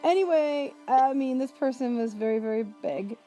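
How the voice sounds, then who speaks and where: A middle-aged woman co-hosting a family podcast, telling stories in an animated, chatty way. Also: high-pitched, moderate pace, faint music behind. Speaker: podcast co-host, mother. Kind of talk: casual family chat.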